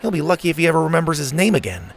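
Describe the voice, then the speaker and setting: A quick-witted young camper boy from a storybook, rushing out dry remarks, as a male narrator does him. His voice sits a touch higher than plain talk, with faint hiss behind it. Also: big pitch swings, vocal fry, some chatter behind.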